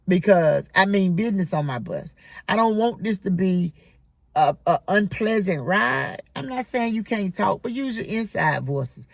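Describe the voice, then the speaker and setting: Middle-aged bus driver vlogging, firm and scolding, gravelly fry in the voice. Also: medium pitch, animated, measured pace, no echo. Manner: scolding, emphatic, repetitive. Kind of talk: casual monologue vlog.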